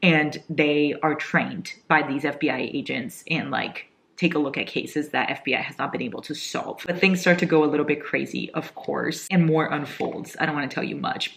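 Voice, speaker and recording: A young woman in her twenties chatting excitedly about books in a casual reading vlog, swearing casually and saying "like" a lot. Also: sits low. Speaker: book vlogger. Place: home kitchen at night.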